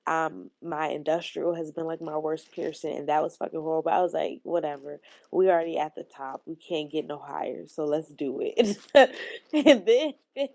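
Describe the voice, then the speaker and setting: A young woman vlogger casually telling a dramatic storytime, full of slang, sudden squeals and loud outbursts. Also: low-pitched, normal speed, vocal fry.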